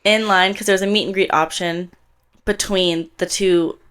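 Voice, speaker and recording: A woman in her twenties from Canada, co-hosting a podcast in casual chat, telling an animated story and acting out what people said. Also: on the low side, moderate pace, clean tone. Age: 20s. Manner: animated storytelling, acts out quotes. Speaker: podcast co-host.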